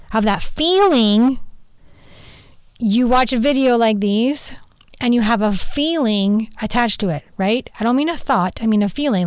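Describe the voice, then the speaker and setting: Chatty woman, smooth clear voice. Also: a little high, darkish tone, no room sound. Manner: chatty, rambling, with frequent "like" and "right?". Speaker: podcast host and spirit mentor. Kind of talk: casual monologue.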